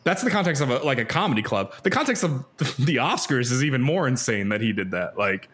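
A man hosting a casual podcast discussion, talking in an animated, opinionated way. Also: medium pitch, a little fast. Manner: animated, opinionated, many "like" fillers.

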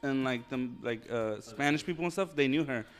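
A man co-hosting a podcast, relaxed and hesitant, peppering his talk with "like". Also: mid-range voice, moderate pace, soft background music. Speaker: podcast co-host. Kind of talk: casual chat.

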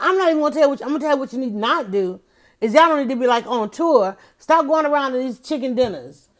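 A woman giving a casual opinion monologue, emphatic and animated, speaking directly to her listeners. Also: on the high side.

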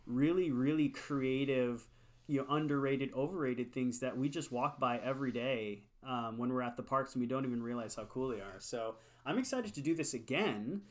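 A man from California co-hosting a theme park podcast, talking casually and upbeat with lots of fillers. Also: mid-range voice. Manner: upbeat, chatty with many fillers. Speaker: podcast co-host. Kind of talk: casual chat.

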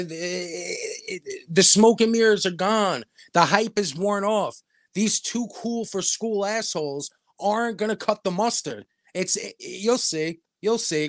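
Male podcast host, sarcastic profane rant, higher voice, dry studio sound. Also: no echo. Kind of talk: ranting podcast commentary.

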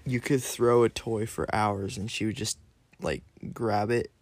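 A man's voice: on the low side, steady tone, unhurried, dry recording. A man co-hosting a casual chat, rambling and playful, filling his talk with "like". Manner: rambling, many "like" fillers, playful. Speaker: co-host.

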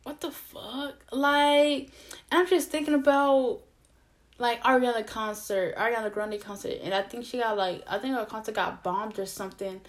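A woman's voice: on the high side, gravelly. Profane, rambling woman ranting casually. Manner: profane, animated, rambling with many fillers and self-interruptions. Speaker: vlogger. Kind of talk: casual opinion rant to camera.

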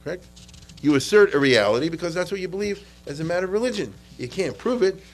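Fast and animated with a high-pitched voice, an American man gives an informal, conversational history talk, repeating words as he restarts. He keeps asking "okay?" and "you understand?" to confirm people follow. The audio is poor.

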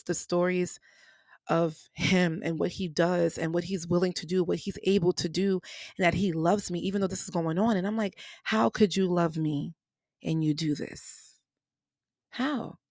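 On her personal faith podcast, a woman with a lowish voice talks with earnest emotion, using repetition for emphasis, with features. The podcast-microphone recording is studio quality with no echo.

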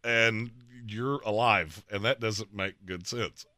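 A man's voice: lowish voice, dry recording, clean studio sound. A man co-hosting a sports talk show, firing off wisecracking asides in casual banter. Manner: wisecracking, animated, quick asides.

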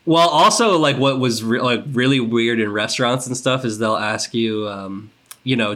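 A man's voice: mid-range voice, normal speed, a bit bright. Young man, congested, podcast host, casual rambling chat, upbeat. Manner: rambling, upbeat, lots of fillers.

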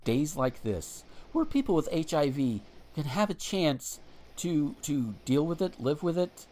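A man's voice: fairly high pitch, big pitch swings, measured pace, darkish tone. A man hosting a podcast in casual chat, rambling and profane with frequent restarts.

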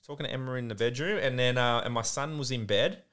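A man's voice: medium pitch, quick pace, fairly bright tone. Earnest young man telling a personal story. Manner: earnest, emotional storytelling with many fillers. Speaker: podcast co-host. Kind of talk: casual chat.

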